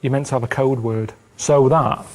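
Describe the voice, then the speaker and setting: A man with an English accent telling stories from his travels in a flat, deadpan, plainspoken manner during a TV interview. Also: medium pitch, moderate pace. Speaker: show's traveller. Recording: music underneath from a TV clip.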